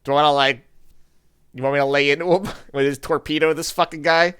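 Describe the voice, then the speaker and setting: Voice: mid-range voice, steady tone, a little fast, fairly bright tone, smooth. A live streamer reacting to a dating game with rambling, profane, stammering asides.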